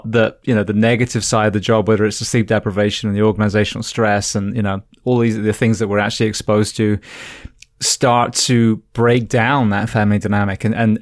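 Man, podcast host, earnest and reflective, long winding sentences, lowish voice, dry close sound. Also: dry recording. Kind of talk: conversational interview.

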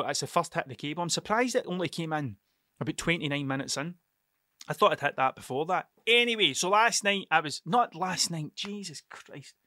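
A man's voice: fairly high pitch, pushed and bright, dry recording, studio quality. A young man hosting a solo podcast, telling stories in a rambling, sweary, self-interrupting way. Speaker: podcast host. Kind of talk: casual solo podcast storytelling.

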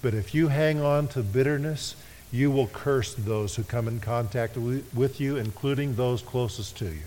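Pastor preaching in an echoey sanctuary. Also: male voice, mid-range voice, slight background noise. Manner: leads the congregation in call-and-response; slows and drops to a hush on key phrases. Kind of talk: sermon. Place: church sanctuary. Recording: echoey worship hall.

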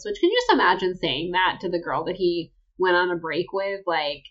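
A woman, co-hosting a casual book-club podcast, gushing and excitable as she recaps chapters. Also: lowish voice, normal speed, few pauses. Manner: excitable, gushing, breaks into laughter. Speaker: podcast co-host. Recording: slightly dull lo-fi audio.

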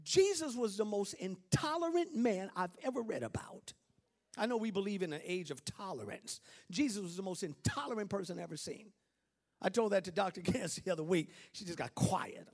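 A bishop preaching with a high, lively voice that swoops widely. He drops to hushed asides, then climbs to shouted peaks, and banters and laughs with his congregation. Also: moderate pace. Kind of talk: sermon.

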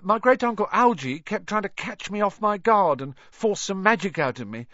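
A man's voice: high-pitched, lively intonation, normal speed, sharp tone, dry recording, dull audio, voice pushed up, full character voice. A man voicing a shy, nervous young schoolboy who rambles eagerly.

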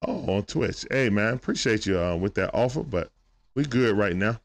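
Guy doing casual play-by-play on his stream, lively up and down voice, shouting out chat. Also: fairly low pitch, moderate pace. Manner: animated, greets chat viewers between plays; talks aside to his young son during the stream. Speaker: fan commentating a game live for viewers.

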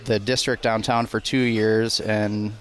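A man, a guest chef, talking casually and plainly about his work history. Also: on the low side. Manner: easygoing, plain-spoken, slow and even. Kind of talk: casual interview chat.

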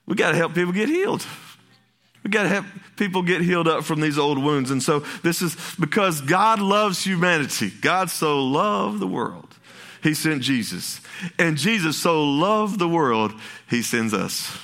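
A male pastor delivers a fervent sermon, his voice bright and sharp and pitched a bit high. He talks in a folksy way, often restarting his sentences. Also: lively intonation, normal speed. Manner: passionate, repetitive restarts, folksy asides.

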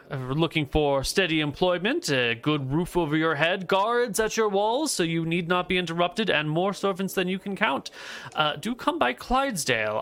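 A man's voice: a little high, fairly bright tone, clean tone, pitched above the performer's own voice. A man voicing a haughty, greedy nobleman count who speaks in a pompous, declaiming way. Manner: pompous, grand, slow declaiming.

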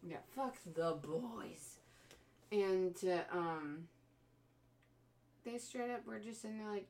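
A woman's voice: medium pitch, slow pace, pauses often, far from the mic. A woman casually retelling a horror film plot, swearing freely and mimicking the characters' voices. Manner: profane, animated storytelling with mimicked voices.

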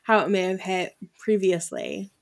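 This is a woman in her thirties hosting a casual faith podcast. She is chatty and affirming, asks her guest questions, and slips in quick asides with a laugh. Her voice has an ordinary middle pitch. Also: steady tone. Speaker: podcast host.

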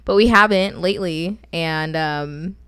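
A woman's voice: on the low side, measured pace, a bit bright, smooth, dry recording. A young woman co-hosting a podcast over a video call, chatting casually, giggling and rambling. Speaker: podcast co-host.

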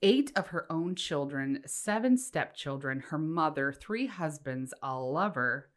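A woman's voice: low voice, a little slow. An American woman co-hosting a podcast, telling a true-crime story in casual, laughing chat. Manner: laughs often, lively storyteller. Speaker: podcast co-host.

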